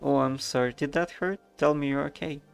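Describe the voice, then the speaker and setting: A man's voice: a little high, fairly even intonation, fairly quick, gravelly, clear, resonant tone, soft background music. A man reading aloud as a sweet, timid, perky young woman in a game, chirpy and apologetic.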